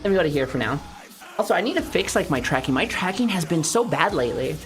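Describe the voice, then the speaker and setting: A young woman streamer talks casually and playfully to her chat, joking and swearing as she goes. Her voice sits low for a woman. Faint music plays softly behind her. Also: big pitch swings, quick pace.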